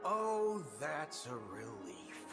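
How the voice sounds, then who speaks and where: An actor playing a menacing cowboy gunslinger who talks with a drawling, theatrical swagger. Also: male voice, on the high side, sing-song, drawn-out words, over music, exaggerated voice. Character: menacing gunslinger cowboy man, awkward and scheming.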